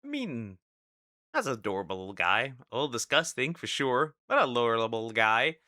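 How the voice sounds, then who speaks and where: A man's voice: medium pitch, sing-song, fairly quick, sharp tone, no room sound, clean studio sound. A man reacting to videos as a streamer, talking casually, laughing and repeating himself as he stammers through his thoughts.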